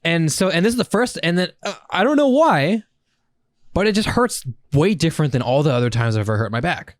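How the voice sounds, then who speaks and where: A young man co-hosting a casual podcast, swearing and telling stories in an animated way. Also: on the high side, a little fast, dry recording. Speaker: podcast co-host. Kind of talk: casual chat.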